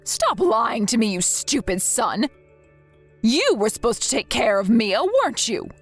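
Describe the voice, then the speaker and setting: A woman's voice: a little high, very animated, unhurried, slightly rough, heavily acted. A woman reading the lines of a worried mother-in-law who scolds her son, in a scripted text-message story. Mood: scolding. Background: faint background music.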